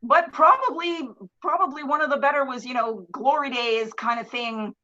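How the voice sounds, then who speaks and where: A woman guest on a live streamed talk show, telling stories in a lively, casual way and acting out the people in them. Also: high-pitched, normal speed. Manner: animated, swears casually, acts out voices. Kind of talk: casual storytelling. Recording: dull lo-fi stream audio.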